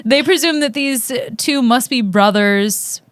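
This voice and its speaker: A woman's voice: a little high, unhurried. A woman co-hosting a podcast, telling history in a casual comedic chat and laughing often. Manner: giggly, laughs often while telling facts. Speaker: podcast co-host.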